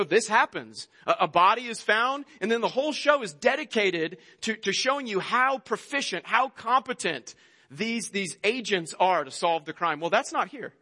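A man's voice: sits high, bright, forceful tone. A man preaching a sermon, earnest and conversational, often repeating words as he goes. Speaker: pastor. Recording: long hall reverb.

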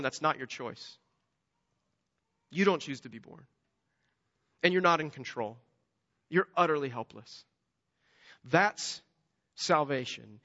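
A man preaching a sermon, animated, moving between loud emphasis and hushed storytelling. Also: sits high. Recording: dull lo-fi sound with long hall reverb.

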